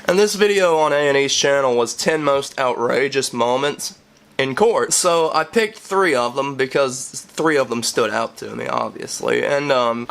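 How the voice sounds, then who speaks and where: A young man chatting casually as a commentary vlogger, joking and rambling, laughing often between remarks. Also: a bit bright. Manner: joking, rambling, often laughing, jumps to squeaky acted voices. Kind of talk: casual chat.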